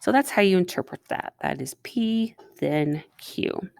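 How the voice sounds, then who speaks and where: A woman's voice: fairly low pitch, lively intonation, measured pace, vocal fry, a little mellow, no room sound, clean studio sound. Chatty woman teaching a math lesson. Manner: chatty, asks students questions while writing.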